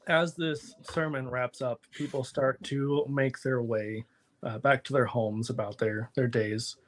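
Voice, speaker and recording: A game master narrating a tabletop role-playing game, loose and quick to laugh. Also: medium pitch, fairly even intonation.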